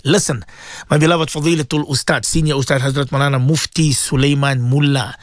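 A man's voice: medium pitch, steady tone, a little fast, no echo. A man hosting a morning radio show, talking in an emphatic, repetitive, preachy way. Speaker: radio host.

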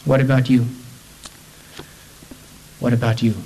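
A man preaching an evangelistic sermon, impassioned and repetitive, swinging from raised urgency down to hushed, low phrases. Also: expressive, moderate pace, slight background noise, rough recording. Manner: impassioned, with repeated rhetorical appeals.

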